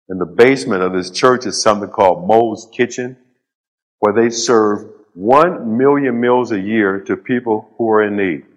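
A middle-aged public speaker with a lowish voice gives a motivational storytelling speech on stage to a live audience. He uses short, punchy phrases, dramatic pauses and dry humor.

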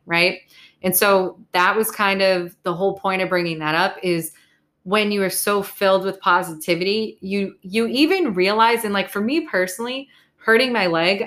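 A woman's voice: mid-range voice, fairly bright tone. A young adult woman hosting a podcast alone, talking in a casual, blunt and profane way about staying positive. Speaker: podcast host. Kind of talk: casual solo podcast monologue.

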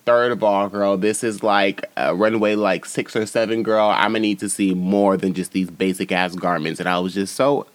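Sassy potty-mouthed guy doing a podcast recap, lowish voice, super dry sound. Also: moderate pace, few pauses, dry recording. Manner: sassy, profane and animated. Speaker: podcast host. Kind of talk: casual show recap.

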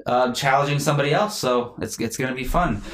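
A man hosting a casual podcast, excitedly chatting with friends and plugging their other shows. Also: medium pitch, quick pace, reverberant. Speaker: podcast host.

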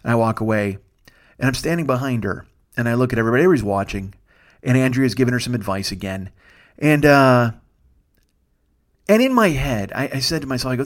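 A middle-aged man telling a long comic story as a podcast host, animated and profane, laughing and loudly acting out the voices in it. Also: mid-range voice, brisk. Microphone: studio microphone.

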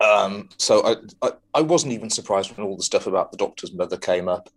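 A man's voice: on the low side, brisk. A man co-hosting a podcast, chatting casually about a TV episode, rambling with lots of ums, restarts and swearing. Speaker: podcast co-host. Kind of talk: casual film review chat.

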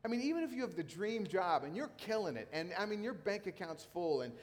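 A man's voice: sits high, very animated, brisk. A middle-aged man who is a pastor, preaching a sermon in a casual, conversational way with emphatic repetition. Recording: long hall reverb.

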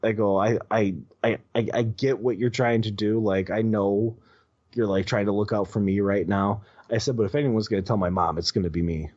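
A man with a fairly low voice tells a personal story as a guest, stumbling over restarts and swearing casually. The audio is dull and lo-fi. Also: steady tone, normal speed, a little mellow. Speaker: podcast guest.

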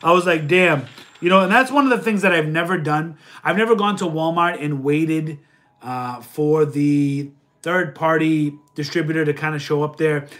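A man's voice: fairly high pitch, moderate pace, a bit bright. A man hosting a casual livestream, reading viewer questions aloud and answering them, with a stuffy nose. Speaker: livestream host and reseller.

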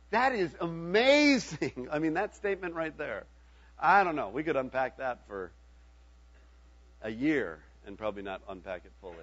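A man's voice: a little high, muffled recording. A middle-aged man preaching a sermon in a conversational way, often checking in with his listeners. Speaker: pastor.

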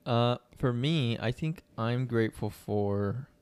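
A man's voice: medium pitch, slow pace, clear, resonant tone, dry recording. A young man co-hosting a podcast, chatting casually with fillers and reading news articles aloud. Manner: relaxed, rambling with fillers. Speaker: podcast co-host.

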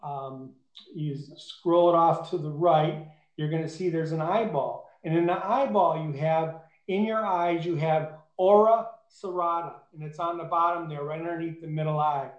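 A man's voice: a little high, fairly even intonation, moderate pace, dull audio. A man preaching a sermon in an emphatic way, rising to fervent peaks. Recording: echoey room.

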